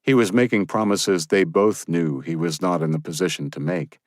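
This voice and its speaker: A male audiobook narrator with a very deep voice, reading a thriller in an even, steady way. The recording is close and dry, with almost no room sound. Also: moderate pace, dry recording. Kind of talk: scripted narration.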